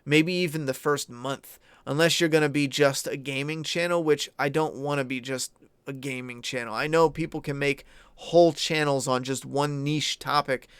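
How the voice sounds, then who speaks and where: A man's voice: fairly high pitch, steady tone, normal speed, a bit bright, clean tone, no echo. A young man streaming live, chatting casually with viewers in a rambling, candid way and swearing freely. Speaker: YouTube streamer. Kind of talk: casual livestream chat.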